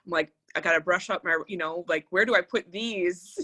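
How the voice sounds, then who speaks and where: A woman's voice: on the low side, a little fast, bright, forceful tone. A middle-aged woman co-hosting a podcast in casual chat, rambling and reflective with many fillers. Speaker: podcast co-host.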